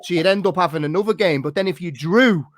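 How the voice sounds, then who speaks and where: A man's voice: sits high, fast, dry recording, clean studio sound. An English man hosting a podcast in casual, teasing, sweary banter, laughing often. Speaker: podcast host. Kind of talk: casual chat.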